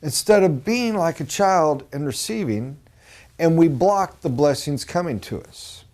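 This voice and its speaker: A man's voice: a little high, lively intonation, measured pace, darkish tone. Rambling earnest male sales trainer. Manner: rambling, earnest motivational talk. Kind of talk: casual training talk.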